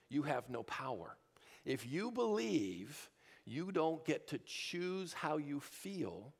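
A man's voice: fairly high pitch, gravelly. A man giving a motivational talk to a live audience in a large room, speaking into a handheld mic with punchy rhetorical questions. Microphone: handheld microphone.

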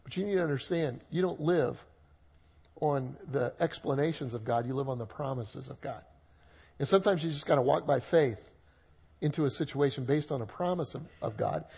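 Husky male pastor preaching casually. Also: medium pitch, moderate pace, a little mellow. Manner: conversational, humorous asides. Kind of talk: sermon.

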